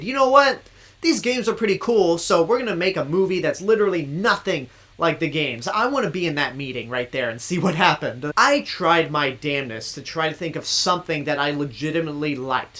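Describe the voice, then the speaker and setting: Male online movie reviewer, slightly high voice, lively and incredulous delivery. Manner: animated, exasperated, rhetorical. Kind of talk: casual spoken movie review.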